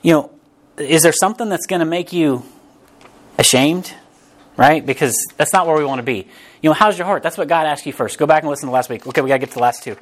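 A man preaching a sermon as pastor, in a casual, animated way, often restarting phrases and briefly acting out quotes. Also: fairly high pitch, fast. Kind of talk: conversational sermon.

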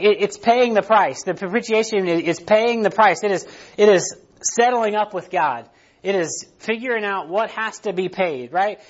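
In a high voice on dull-sounding audio, a pastor preaches conversationally, frequently checking in with "right?" and restarting his sentences.

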